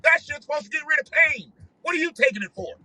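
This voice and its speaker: A man's voice: very high-pitched, animated, quick pace, pushed and bright, rough recording. A man ranting profanely on a livestream while driving his car. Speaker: livestream host. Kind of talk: casual ranting monologue.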